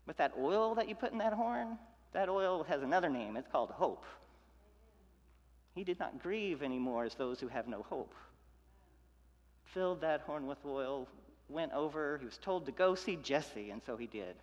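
A male pastor delivers a sermon in a fairly high voice, repeating phrases to build intensity and then falling to near-whispered tenderness. His words ring out with the long reverb of a church hall. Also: lively intonation, moderate pace, muffled recording. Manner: preaching with rhythmic repetition and swings from loud to hushed.

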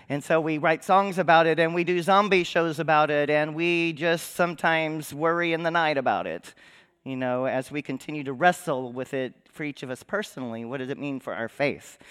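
A man's voice: on the high side, fairly bright tone, clean tone. A male pastor preaching an Easter sermon in a church, speaking conversationally and putting questions to the congregation. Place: church sanctuary.

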